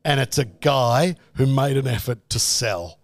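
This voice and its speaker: A man's voice: mid-range voice, a little slow, dry recording, clean studio sound. An Australian man, a breakfast radio host appearing as a guest, chatting casually in a playful, self-mocking way. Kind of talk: casual chat.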